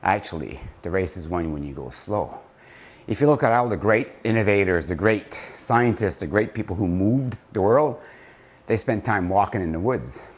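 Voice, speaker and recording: Slightly winded, a man counts out slow push-ups for his viewers before reflecting on the value of slowing down. He's a company founder in a casual motivational vlog, animated with a breathy edge, going low and soft to land his points.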